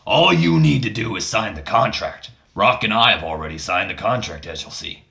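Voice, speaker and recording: A smug older boss with a low voice, taunting his rival in slow, deliberate lines, as a man puts him on for a wrestling game playthrough. He sounds like he has a plan and loves laying it out bit by bit. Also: expressive, gravelly, bright, forceful tone, full character voice. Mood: scheming. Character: scheming older male company boss, smug.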